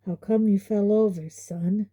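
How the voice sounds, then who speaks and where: A loud, blustering middle-aged uncle with a bullying bark, as a woman reading an audiobook puts him on. His voice sits a little raised and dark, and his lines come slow and heavy. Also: mid-range voice, fairly even intonation, breathy edge.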